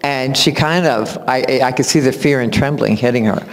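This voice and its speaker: Animated man telling stories in a hall. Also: medium pitch, normal speed. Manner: warm storytelling, animated, acts out quotes, laughs often. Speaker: music teacher giving a recital introduction. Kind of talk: spoken tribute speech at a recital. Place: recital hall. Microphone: far camera. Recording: long hall reverb from a camera.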